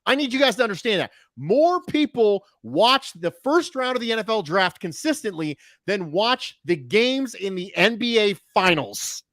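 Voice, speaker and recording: A man hosts a casual sports podcast with a lively, slightly high voice that swings up and down. He talks in an animated way with quick jokey asides. The sound is close and dry. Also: no echo. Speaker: show host.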